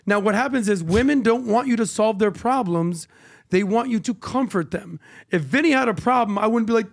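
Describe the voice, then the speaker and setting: A man with a high-pitched voice co-hosts a casual talk show and gives brash, confident advice. He sounds dry and close to the mic. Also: fairly quick, creaky, dry recording. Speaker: co-host. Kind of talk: casual chat, giving advice.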